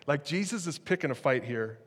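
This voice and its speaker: A man preaching a sermon as pastor, in a lively, conversational way with jokes. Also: a little high, brisk, slightly rough, big-room sound.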